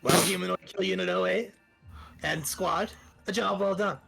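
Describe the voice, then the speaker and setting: Gravelly voiced player goofing around at a tabletop game, faint music behind. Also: medium pitch, fairly even intonation, normal speed, a bit bright. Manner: joking, mock-innocent banter.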